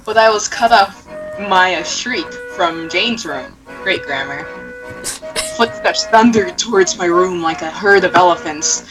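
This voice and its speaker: Young woman, mocking fanfic read-aloud, slow pace, lowish voice, giggly sarcastic asides. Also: music in the background, low-quality recording. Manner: reads slowly, breaks into giggles and sarcastic asides. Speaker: reader.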